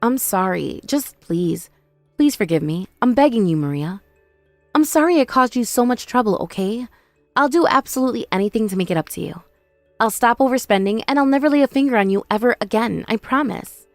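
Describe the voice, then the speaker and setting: Lady doing a whiny desperate sister-in-law begging, kinda high voice, faint music behind. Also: animated, a little fast, dry recording. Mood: pleading. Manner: pleading, whiny, self-pitying.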